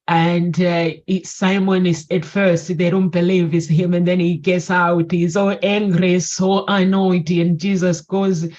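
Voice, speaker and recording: A woman's voice: fairly low pitch, fairly even intonation, a little slow, darkish tone, muffled recording. A woman in a casual faith and self-help chat, eagerly retelling a story with many restarts. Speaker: talk show co-host.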